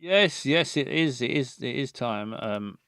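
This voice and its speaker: A man streaming a game playthrough who talks slowly with a gravelly, creaky edge. He hesitates often, fills gaps with ums and little chuckles, and greets viewers by name. The recording is dry and close to the mic. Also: mid-range voice, expressive, a bit bright, no room sound.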